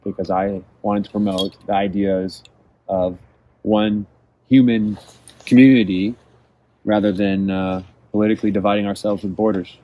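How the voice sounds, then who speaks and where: Speaking at a moderate pace, the man has a mellow voice on the low side and a flat delivery. He hails from California and, as an interview guest in easygoing conversation, recounts his travels reflectively and with enthusiasm.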